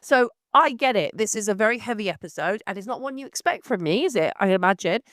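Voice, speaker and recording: A woman's voice: mid-range voice, lively intonation, fast, fairly bright tone, no echo, clean studio sound. A woman sounding unwell as she hosts a solo podcast, ranting in a blunt, exasperated way. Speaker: podcast host.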